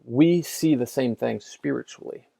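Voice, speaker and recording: Middle-aged guy preaching, gravelly voice, loose chatty storytelling w/ lots of ums. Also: medium pitch, measured pace, warm tone. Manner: informal and chatty, many fillers and restarts. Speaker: pastor. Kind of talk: conversational sermon storytelling.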